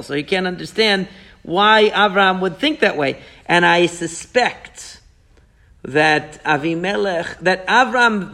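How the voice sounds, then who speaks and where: A high-pitched man teaching Torah leads a class discussion, explaining the text through animated rhetorical questions and quoting Hebrew verses.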